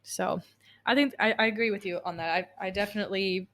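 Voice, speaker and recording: A woman's voice: mid-range voice, fairly quick. A young woman hosting a podcast interview, talking at length and drifting into side stories. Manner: warm and talkative, rambling storytelling with tangents. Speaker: podcast host. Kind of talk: casual interview conversation.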